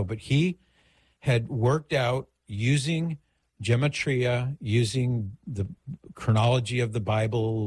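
A man's voice: medium pitch, darkish tone, slightly rough, dry recording. A middle-aged man hosting a radio call-in show, giving advice in a conversational, digressive way.

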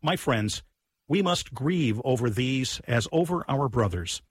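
A man reading a sermon text aloud in an earnest, measured way. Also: medium pitch, animated, breathy edge, dry recording. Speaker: liturgical reader.

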